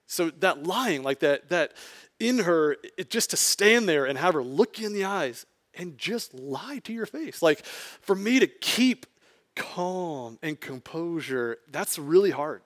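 A man's voice: a little high, lively intonation, unhurried, a bit bright. A man, a pastor, preaching a conversational sermon to his congregation, often adding "like" and building emphasis.

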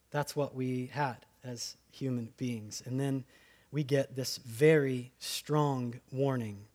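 Brief: male pastor, high-pitched, chatty sermon style with playful voices. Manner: conversational preaching, frequent "right?" asides; acts out quoted voices for humor.

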